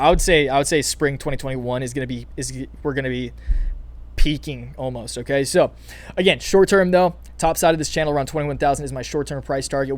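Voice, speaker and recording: A young man hosting casual crypto market commentary, excited and hyped, with frequent restarts and calls to "you guys". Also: mid-range voice. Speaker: crypto channel host.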